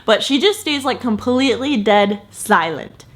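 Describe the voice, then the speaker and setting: Young woman, casual vlog storytelling, self-deprecating, slightly high voice, a bit breathless. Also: lively intonation, measured pace. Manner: chatty, self-deprecating, swings into loud exclamations. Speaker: content creator.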